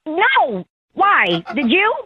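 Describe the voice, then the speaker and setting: Indignant female caller, very high and animated. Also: very slow, muffled recording. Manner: indignant, blunt.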